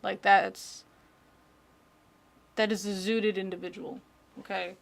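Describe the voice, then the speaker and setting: A woman's voice: medium pitch, flat delivery, slow, creaky. A woman streamer chatting casually and joking as she reacts to creepy videos. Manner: chatty, joking, rambling asides.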